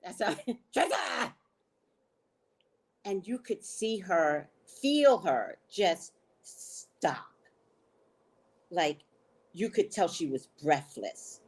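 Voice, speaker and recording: A woman hosting a casual chat, telling a story at an unhurried pace. Her pitch swoops widely as she laughs and checks in with "right?", and her talk is frank and salty. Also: husky. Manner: animated, laughing, keeps checking in with 'right?'. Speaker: host.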